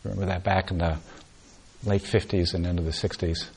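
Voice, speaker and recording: A meditation teacher giving an evening talk on retreat. His voice sits on the low side, and he tells his story softly and without rush. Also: steady tone, brisk, vocal fry, breathy edge.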